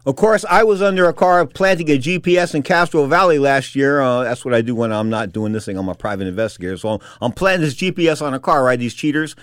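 A man's voice: medium pitch, expressive, a bit bright, smooth, dry recording, clean studio sound. A man hosting boxing talk radio, rambling through stories and fight results with frequent asides. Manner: fast rambling asides, many "of course" and "anyway". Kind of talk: casual talk radio monologue.

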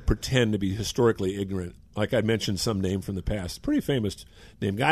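A man's voice: lowish voice, fast, husky, dry recording. A man in his sixties chatting as a guest on a sports talk show, a chatty storyteller. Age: 60s. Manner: chatty storyteller, mimics people in quotes. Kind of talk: casual radio talk.

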